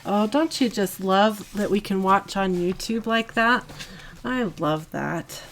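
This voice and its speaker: A woman hosting a live coloring stream from her art studio, chatty and giggly with drawn-out asides. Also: mid-range voice, slight background noise. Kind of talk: casual live-stream chat while coloring.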